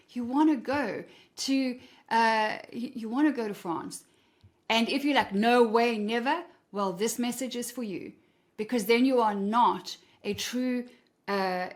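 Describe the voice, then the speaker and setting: A middle-aged woman gives a faith-based motivational talk as host. She speaks bluntly and with emphasis, in a preachy way. Her voice sits a touch higher than most women's. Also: measured pace. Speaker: podcast host.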